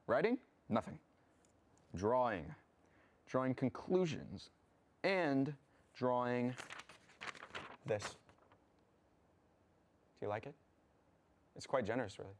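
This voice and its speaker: A man's voice: mid-range voice, expressive, slow, long pauses, a little hiss or hum. An actor playing a vain, scheming young man who speaks smugly and with theatrical disdain, in a comedic student film.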